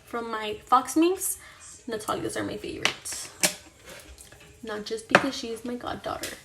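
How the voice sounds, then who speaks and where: Young female vlogger, chatty and self-deprecating, a touch high-pitched, with noise in the background. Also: unhurried, vocal fry. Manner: chatty, self-deprecating, talks to herself mid-task. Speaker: beauty vlogger. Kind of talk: casual get-ready-with-me chat while doing makeup.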